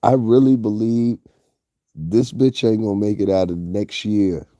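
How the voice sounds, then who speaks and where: A man's voice: on the low side, steady tone, unhurried, warm tone, dry recording, studio quality. A man with a Northeastern US accent doing blunt, profane casual gossip commentary, talking straight to his viewers. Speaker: commentary vlogger.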